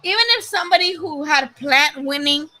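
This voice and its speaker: A young woman streamer from Nayarit, Mexico, talking to her viewers in a loose, excitable way with plenty of swearing. Her voice sits high and sounds very bright and sharp. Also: normal speed, rough recording. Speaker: boxing commentary streamer. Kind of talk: casual livestream chat.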